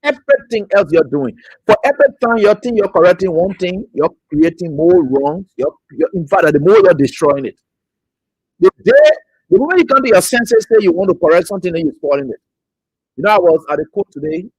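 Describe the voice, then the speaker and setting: A man's voice: high voice, fairly quick, a little mellow, breathy edge, no room sound, rough recording. A man from Liberia hosting an online talk show, greeting viewers by name and mocking his critics. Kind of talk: casual political commentary.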